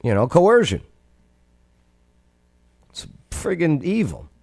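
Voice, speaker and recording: A man hosting a reaction video, giving animated, conversational commentary. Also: a little high, slow pace, creaky, heavy background noise.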